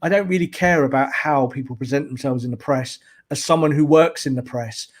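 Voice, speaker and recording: A man, a football journalist guest on a podcast, talking in an animated, emphatic way and repeating words to press his points. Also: mid-range voice, brisk. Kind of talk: casual podcast chat.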